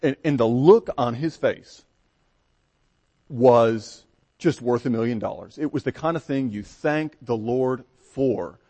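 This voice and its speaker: A man's voice: medium pitch, measured pace, mellow, highs cut off. A Baptist pastor, a man, telling a story from the pulpit in a folksy, conversational way with frequent restarts. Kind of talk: storytelling sermon.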